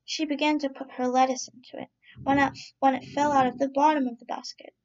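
A woman storyteller reading children's stories aloud in a slow, gentle storybook manner. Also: high voice, flat delivery, gravelly. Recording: dull lo-fi recording.

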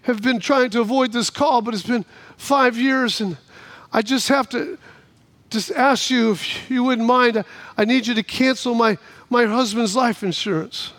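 A man's voice: extremely high pitch, exaggerated voice. A man doing a timid frail elderly widow. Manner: hesitant, halting, soft-spoken.

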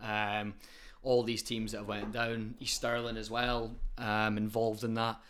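Measured young Scottish man. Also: lowish voice, level tone, fairly bright tone, slight background noise. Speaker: podcast co-host. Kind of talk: casual chat.

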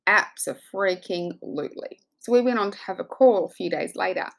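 A woman coach telling a personal story in an effusive, animated way, acting out the dialogue as she goes. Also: medium pitch, quick pace, creaky. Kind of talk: motivational storytelling monologue.

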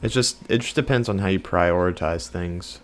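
A man's voice: low voice, normal speed. A man co-hosting a podcast in casual chat, agreeable, nodding along with short replies and plain opinions. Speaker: podcast co-host.

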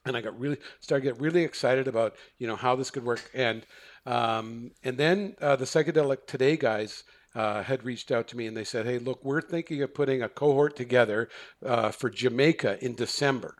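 A man's voice: medium pitch, a little fast. Man casually telling a rambling story. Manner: rambling, self-correcting, acts out quoted dialogue. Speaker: guest, therapist.

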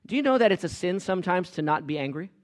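A man preaches with force, his somewhat high voice swinging from sudden loud peaks to quiet, lowered passages. He delivers a pastor's sermon in an emphatic, driving manner. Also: animated, quick pace. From Los Angeles area.

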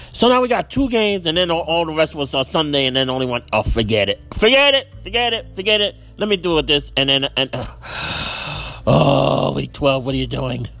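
Exasperated podcast host, high and animated voice, ranting and repeating himself. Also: male voice, moderate pace, vocal fry. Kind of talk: solo football picks rant.

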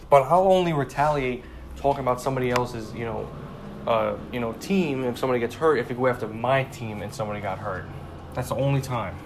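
A man's voice: mid-range voice, background noise. Heated, swearing twenty-year-old man. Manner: heated, swearing, rambling with repeated phrases. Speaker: sports fan vlogger. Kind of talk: casual ranting monologue.

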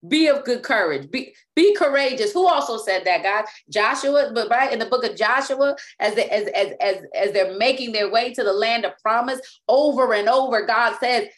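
A woman's voice: fairly high pitch, normal speed, few pauses. A woman preaching a sermon as apostle and teacher, speaking emphatically and often repeating and restarting words.

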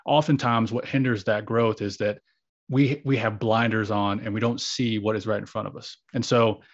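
A man talking earnestly and reflectively as a guest in a conversation, often restarting his phrases. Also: mid-range voice. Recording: slightly dull lo-fi audio.

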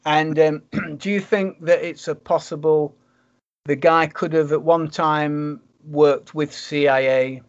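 A man in casual conversation, speculating out loud and working through ideas with frequent restarts. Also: a little high, fairly even intonation, slow pace. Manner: speculative, thinking aloud with restarts. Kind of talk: casual chat. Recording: dull lo-fi sound.

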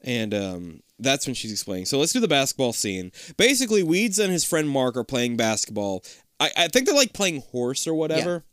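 A man co-hosting a chatty podcast, jumping up and down in pitch as he retells a scene and acts out bits of dialogue. His voice is smooth and clear. The sound is close and dry. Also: a little fast, dry recording. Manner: animated storyteller, swears, acts out lines. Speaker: podcast co-host. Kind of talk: casual chat retelling a show episode.

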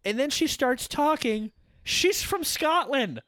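A man's voice: extremely high pitch, animated, slow, fairly bright tone, dry recording, studio quality. A young man co-hosting a comedy podcast, joking around in casual banter and laughing often. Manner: joking, laughs often, does mock voices. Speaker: podcast co-host.

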